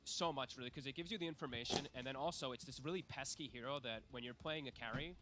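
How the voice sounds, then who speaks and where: A man's voice: mid-range voice, background noise. A man giving analytical commentary on an esports match, breaking down plays in detail. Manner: rapid, detailed breakdowns with light laughs.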